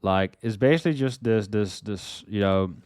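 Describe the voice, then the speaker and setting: A young man with a smooth, fairly low voice talks casually about songs he loves. He rambles, stumbles over repeated words and swears freely as his excitement builds. The sound is dry and close, with no room around it. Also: moderate pace, no echo. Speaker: music list host. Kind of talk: casual music commentary.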